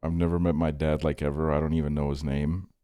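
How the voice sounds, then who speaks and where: A man's voice: extremely low pitch, flat delivery, quick pace, warm tone, smooth, no room sound, studio quality. A man in his twenties chatting casually with his stream chat late at night, rambling and laid-back, often laughing. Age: 20s. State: tired.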